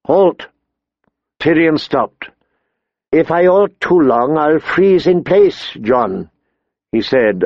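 Male audiobook narrator, mid-pitched, measured; dry, muffled recording. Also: dry recording. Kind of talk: scripted narration.

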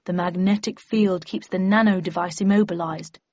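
A woman's voice: on the low side, steady tone, moderate pace, a little mellow, no echo, close to an everyday voice. A woman voicing an earnest, fussy young male lab scientist who explains things carefully and matter-of-factly. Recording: slightly muffled lo-fi recording.

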